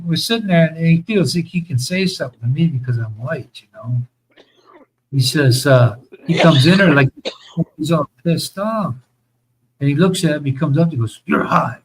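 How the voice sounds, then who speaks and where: A man's voice: fairly high pitch, unhurried, low-quality recording. A man telling rambling, profane stories about his school days in a casual chat, laughing as he goes.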